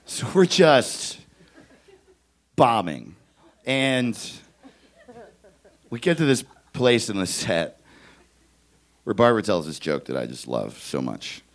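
A young man doing stand-up, telling a story with lots of energy, shouting out other people's lines and laughing as he goes. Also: lowish voice, slow pace, long pauses. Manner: animated, shouts kid voices, laughs at own story. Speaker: stand-up comedian.

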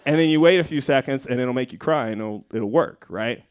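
A man telling a comedic story on a live stage, animated and profane, laughing through his own lines. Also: medium pitch, fairly quick.

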